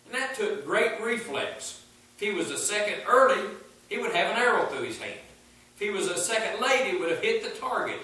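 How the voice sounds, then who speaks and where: High, bright-voiced preacher in an echoing church. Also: male voice, big pitch swings, a little fast. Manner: fervent, emphatic, repeats refrains. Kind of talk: sermon. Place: church sanctuary. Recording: echoey church from far off.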